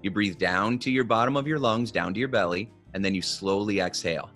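Low-voiced man coaching calmly. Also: brisk, few pauses, faint music behind. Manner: coaching, instructive, asks "okay?" and "right?" often. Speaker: guest expert on body language. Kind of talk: conversational podcast advice.

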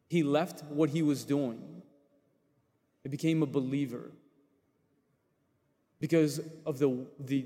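A man's voice: fairly high pitch, a little mellow. Man preaching in a reverberant hall. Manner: storytelling with acted quotes, conversational. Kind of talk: sermon.

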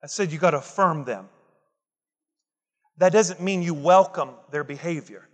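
A man's voice: a little high, moderate pace, in a large hall. A man preaching a Father's Day sermon, emphatic and repetitive, building intensity as he quotes scripture. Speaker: pastor.

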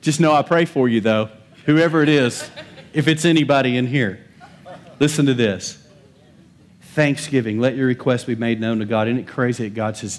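A male pastor preaching a lively sermon, joking with the congregation and building emphasis. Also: medium pitch, moderate pace. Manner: animated, humorous preaching with rising emphasis.

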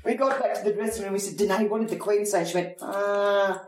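Middle-aged Australian actress as guest, vivid theatrical storyteller, roomy echoing room. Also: female voice, mid-range voice, steady tone, very fast, a little mellow. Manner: theatrical storyteller, acts out quotes. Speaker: guest, head of acting. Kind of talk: anecdotal interview chat. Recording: roomy echo.

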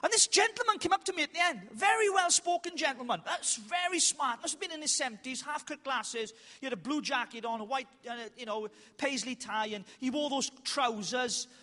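A man preaches to a conference with a strikingly high, bright voice. He tells stories with self-mocking humour, bursting loud, then slows for emphatic lines. The sound rings with the long reverb of a big hall. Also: lively intonation. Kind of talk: conference sermon with storytelling. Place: large hall with an audience.

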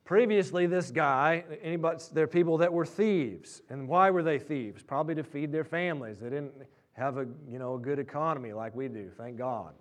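A man preaching a sermon, telling stories that build loud and high at their peaks. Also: a little fast, few pauses. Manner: storytelling, rising loud and high at climaxes. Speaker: pastor.

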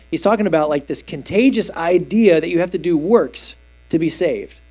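A man's voice: fairly high pitch, a little mellow. A man preaching a casual, conversational sermon through a Bible passage, asking his audience questions and explaining the verses in everyday terms. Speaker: preacher, youth teacher. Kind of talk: expository sermon.

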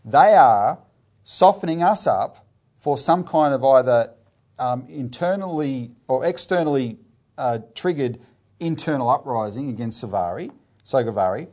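A man's voice: medium pitch, animated, measured pace, darkish tone. A man co-hosting a political commentary show, talking emphatically with a sarcastic edge. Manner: emphatic, sarcastic, mocking voices. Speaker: co-host.

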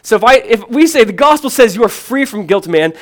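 A man preaching a sermon as pastor, earnest and emphatic, posing questions and answering them, moving between strong proclamation and hushed, conversational asides peppered with "man.". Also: very high-pitched, expressive, a little fast.

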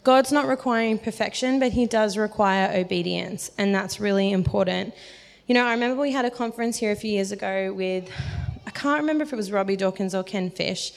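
A woman's voice: medium pitch, fairly quick, vocal fry. Woman, sermon, chatty storytelling, self-deprecating, laughs often, long hall reverb. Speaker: preacher.

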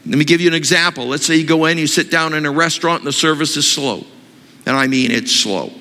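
A man preaching a sermon, asking his congregation questions in an animated way. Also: a little high, fast, gravelly, in a large hall. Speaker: pastor.

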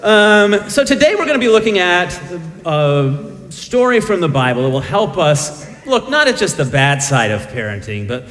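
Middle-aged pastor guy, animated up-and-down voice, a bit high, jokes at his own expense, hall echo. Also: moderate pace. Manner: self-deprecating storytelling with humor. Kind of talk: sermon.

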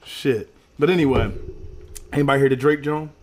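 A man's voice: medium pitch, brisk. A man co-hosting a podcast, chatting casually and moving the talk from topic to topic. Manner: relaxed, steers the conversation to new topics. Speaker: podcast co-host. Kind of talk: casual chat.

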